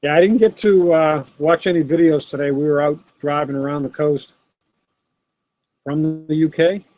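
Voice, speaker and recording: A slightly high voice with fairly even intonation, normal pacing, and no echo belongs to a middle-aged man hosting a live sports card stream. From his home desk he chats casually, answering viewers by name, with dull, dry audio from a laptop's built-in camera mic.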